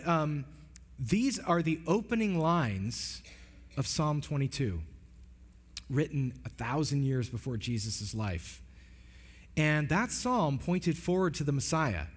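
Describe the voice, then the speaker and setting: A man preaching a sermon as pastor, earnest and emphatic, often restarting his phrases. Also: a little high. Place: church sanctuary. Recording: long hall reverb.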